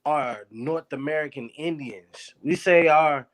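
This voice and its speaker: Slightly high-voiced man speaking up in class. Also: slow. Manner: casual, street slang, stammering restarts.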